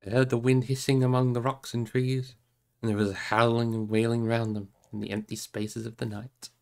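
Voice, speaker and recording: Man narrating a fantasy book aloud, steady, mid-pitched, live-stream reader. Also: moderate pace, creaky. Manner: steady narrating, brief asides to chat. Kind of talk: audiobook reading on a live stream.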